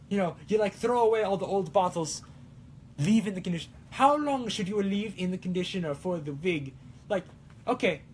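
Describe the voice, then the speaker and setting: Young man, high voice, goofy rambling host, fake Italian accent, casual livestream chat. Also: slight background noise. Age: young adult. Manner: hammy put-on Italian accent; goofy, rambling, self-mocking. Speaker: cosplay show host.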